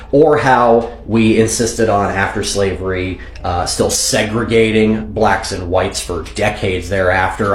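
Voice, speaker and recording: Sarcastic, cursing commentator in an echoey room. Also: male voice, lowish voice, slight background noise. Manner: sarcastic, profane, scolding. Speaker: reaction video host. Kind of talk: reaction commentary.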